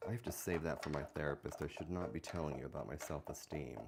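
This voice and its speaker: A woman's voice: very deep voice, fast, very noisy. A woman hosting a puzzle livestream, chatting casually and playfully, joking at her own expense and reading the chat aloud. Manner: playful, self-mocking, reads chat aloud.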